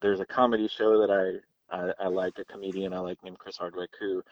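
A man's voice: low voice, level tone, fairly quick, dull audio. A man from Louisville talking casually as a podcast guest, rambling with many fillers and restarts. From Louisville, Kentucky. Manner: rambling, lots of likes and restarts. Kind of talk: casual interview chat.

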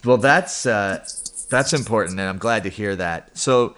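A man's voice: on the low side, a little slow, fairly bright tone. A man hosting a casual interview, playful and rambling, laughing often. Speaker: podcast host.

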